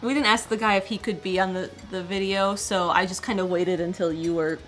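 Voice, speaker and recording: A woman's voice: medium pitch, steady tone, fairly quick, soft background music. A woman co-hosting a casual chat show, adding details and finishing her partner's sentences. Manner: chatty, adds details and finishes his sentences. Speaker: co-host.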